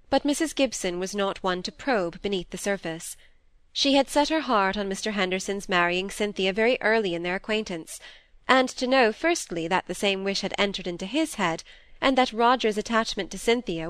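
A woman narrating a classic novel in a measured audiobook reading. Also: medium pitch, no echo. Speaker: audiobook reader.

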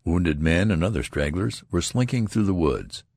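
A man reading a classic novel aloud as an audiobook narrator, expressive and unhurried. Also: deep voice, gravelly, no room sound, clean studio sound.

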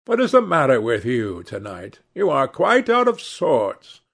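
A man reading aloud and voicing a witty, cynical aristocratic gentleman with a dry, drawling delivery. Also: mid-range voice, wildly swooping pitch, unhurried, gravelly, pitched above the performer's own voice, full character voice. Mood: amused.

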